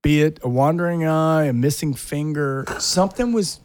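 A man's voice: fairly high pitch, normal speed, a little mellow, dry recording. A man co-hosting a podcast, talking in a blunt, rambling way. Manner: blunt, rambling, mocks accents. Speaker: podcast co-host. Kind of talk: casual banter.

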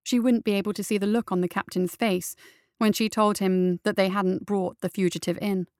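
A woman narrating a dark fantasy story in a steady, even reading voice. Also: mid-range voice, moderate pace, no echo, studio quality. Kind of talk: audiobook narration.

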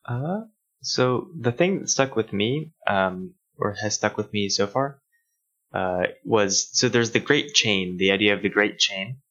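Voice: medium pitch, expressive, unhurried, a bit bright, muffled recording. A person in casual chat with friends, playful and giggly.

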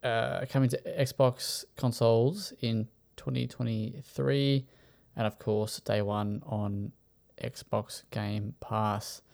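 A man's voice: medium pitch, steady tone, slow, gravelly, darkish tone. A man hosting a casual chat, running through news items with plenty of filler words. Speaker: podcast host.

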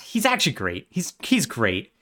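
A man co-hosting a podcast, retelling a game's story in animated, casual chat full of "like". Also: fairly high pitch, normal speed. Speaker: podcast co-host.

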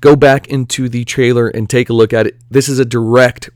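A man chatting casually about films in a loose, rambling way, piling on asides and fillers and getting excited as he goes. His voice sits at an ordinary middle pitch and sounds dry and close, with no room around it. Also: brisk, dry recording. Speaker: movie news commentator. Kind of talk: casual vlog commentary.

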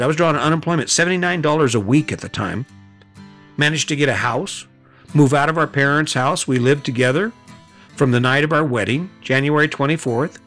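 A man's voice: on the high side, fairly bright tone. A middle-aged man hosting a podcast, giving a blunt motivational monologue full of rhetorical questions and swearing. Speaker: podcast host.

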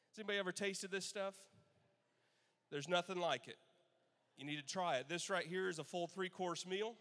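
A man in his thirties, a pastor telling Father's Day stories in a sermon, animated and laughing as he acts out quotes. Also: high-pitched, moderate pace. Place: church sanctuary. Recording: long church hall reverb.

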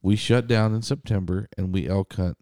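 Man, thirties, low mellow voice, dry close sound, animated storyteller, swears casually. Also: moderate pace, no room sound. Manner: animated storyteller quoting others, swears freely. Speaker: podcast co-host, general contractor.

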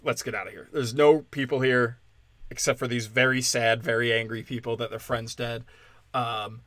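A man's voice: medium pitch, bright, forceful tone, dry recording. A man telling a crude stand-up comedy story, ranting and acting out the people in it. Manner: crude, ranting, acts out quoted voices. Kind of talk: podcast-style comedy storytelling.

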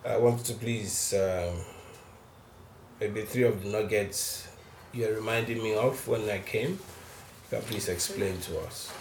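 Low-voiced man leading a study group. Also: slight background noise. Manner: halting, prompts others with fillers. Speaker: group leader. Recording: echoey room.

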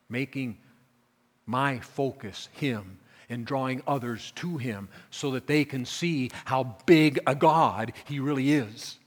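A man preaching a sermon as pastor, repeating key phrases and swinging from quiet explanation to loud, emphatic peaks. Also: mid-range voice. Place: church sanctuary. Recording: long reverb of a church hall.

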